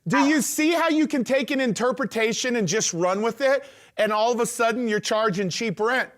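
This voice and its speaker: A man's voice: very high voice, moderate pace, fairly bright tone. A man hosting a live event, enthusiastic and encouraging toward his guest. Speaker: host.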